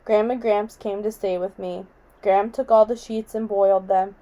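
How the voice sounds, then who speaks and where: A woman reads a novel aloud in a quiet, measured voice. Her tone is mellow and soft, with an ordinary middle pitch. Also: steady tone, muffled recording. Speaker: audiobook reader.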